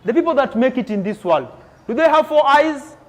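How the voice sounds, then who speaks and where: A man giving an energetic motivational talk to students in a school hall, leading call-and-response chants. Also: extremely high pitch, brisk, muffled recording. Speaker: motivational speaker. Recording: reverberant hall with crowd.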